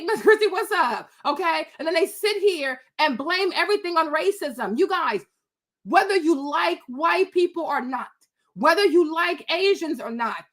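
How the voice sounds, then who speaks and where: A woman with a high voice rants bluntly about business and work ethic, talking straight to her viewers. Her delivery is animated and loose, packed with "you know" and restarts. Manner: blunt, animated, many fillers and repeats. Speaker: commentator on a live stream. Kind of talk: casual opinion rant, replying to chat.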